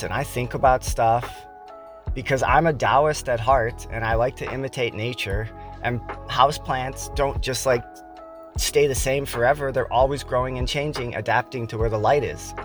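A man's voice: mid-range voice, fairly even intonation, moderate pace, faint music behind. An American man hosting a podcast, delivering a heated, profane political rant with emphatic stresses. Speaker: podcast host.

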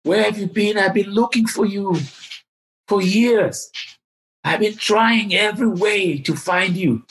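A humble, easygoing older gentleman on a call, voiced by a man telling the story. He repeats himself eagerly with a soft, laid-back delivery. The pitch sits a little higher than the teller's usual voice. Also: expressive, a little slow, long pauses. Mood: pleading.

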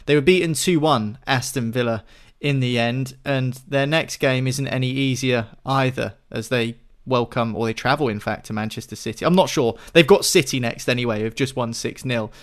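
A man's voice: medium pitch, moderate pace, hardly any pauses. A man hosting a football podcast, moving steadily through the matches. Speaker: podcast host.

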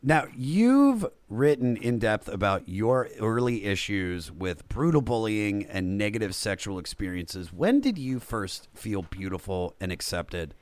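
A man hosting a music podcast interview, relaxed and casually profane. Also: lowish voice, unhurried, hardly any pauses, no room sound. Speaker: podcast host.

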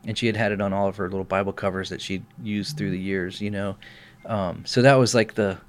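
A man's voice: deep voice, fairly quick, slight background noise. A middle-aged pastor telling a personal story in casual podcast chat, acting out the people he quotes. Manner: animated storyteller, acts out quoted voices.

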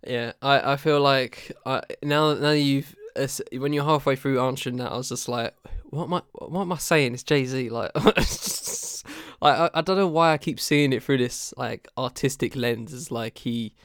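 A man's voice: mid-range voice, normal speed, few pauses, fairly bright tone, clean tone, no room sound, studio quality. A man co-hosting a casual podcast chat, rambling and hesitant with frequent laughter. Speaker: podcast co-host.

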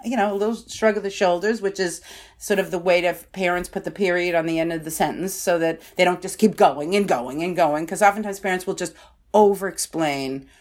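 A woman's voice: fairly low pitch, a little mellow. Woman explaining parenting advice. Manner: explanatory, often says "you know", acts out quoted parents and kids. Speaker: parenting author and counselor. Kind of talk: conversational interview answers.

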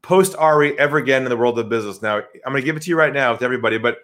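Rapid-fire and medium-pitched, a man who trains salespeople fields interview questions by spinning lively tales and playing out phone calls.

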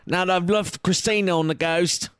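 A man voicing a bumbling, mournful male chimney sweep with an exaggerated Cockney accent, talking briskly. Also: high voice, steady tone, clear, resonant tone, natural voice. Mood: mock-mournful. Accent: put-on Cockney. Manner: brisk, exaggerated, self-pitying clowning.

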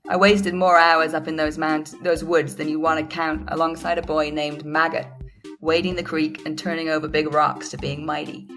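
A woman's voice: low-pitched, little pitch movement, normal speed, a bit bright, faint music behind. A woman reading as a folksy rural American boy narrator in a put-on American accent, with a storytelling drawl.

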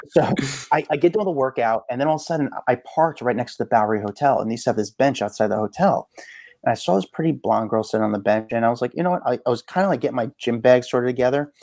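A man's voice: medium pitch, no echo. A man co-hosting a casual celebrity gossip podcast, telling stories with lots of fillers and quoted voices. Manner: storytelling, animated quoted voices, many fillers. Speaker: podcast co-host.

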